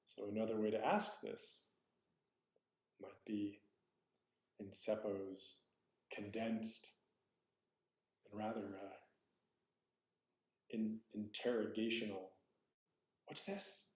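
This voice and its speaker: A man's voice: fairly low pitch, flat delivery, slow, long pauses. A man giving a dharma talk as a Zen teacher, reflective and searching, often correcting himself aloud. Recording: roomy echo.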